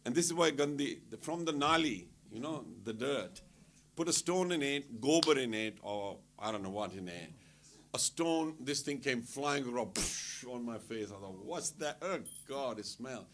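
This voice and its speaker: Man, gravelly voice, casual storyteller, acts out quotes, faint noise behind. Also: mid-range voice, moderate pace. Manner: animated, laughing anecdotes with acted-out quotes. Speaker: temple speaker.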